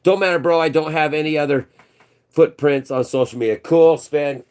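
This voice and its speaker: A man's voice: fairly high pitch, moderate pace, darkish tone, clean tone. A man hosting a livestream, rambling through conspiratorial commentary and calling his viewers "bro". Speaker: channel host. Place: indoors.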